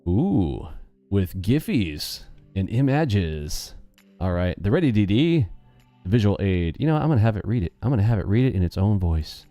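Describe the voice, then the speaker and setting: A man runs a day-trading live stream and brashly mocks the people in his chat. His voice is mellow and dry, with faint music behind him. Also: lowish voice, very animated, moderate pace, no echo. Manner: mocking and brash, talks back to chat.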